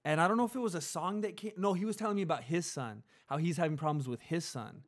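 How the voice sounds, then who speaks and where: A man co-hosting a podcast, telling a story in casual chat and acting out the people he quotes. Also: fast talker. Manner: animated storyteller, acts out quotes in a high voice; laughs often while telling. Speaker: podcast co-host.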